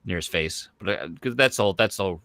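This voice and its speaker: A man in his thirties with a low, bright, forceful voice, chatting casually as a podcast host. He rambles along, stuffing his talk with fillers. The sound is dry and close, with no room around it. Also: lively intonation, moderate pace, no room sound. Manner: rambling, full of fillers like "like" and "you know". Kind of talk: casual chat.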